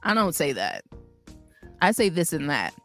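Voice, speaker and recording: Low-voiced Chicago woman co-host. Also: big pitch swings, a little slow, fairly bright tone, soft background music. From Chicago, USA. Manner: laughing, playful, emphatic. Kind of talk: casual chat.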